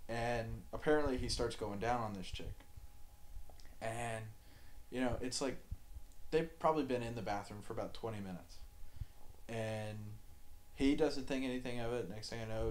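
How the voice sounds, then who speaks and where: A young man telling a crude story on a podcast, laid-back and profane, often dropping to a low mumble. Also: slight background noise. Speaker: podcast co-host.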